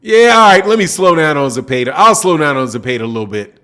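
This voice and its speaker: High-voiced emphatic man ranting. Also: animated, fast talker, bright, forceful tone. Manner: emphatic, repetitive, slangy, talks back to chat. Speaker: boxing channel host. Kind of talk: casual live-stream commentary.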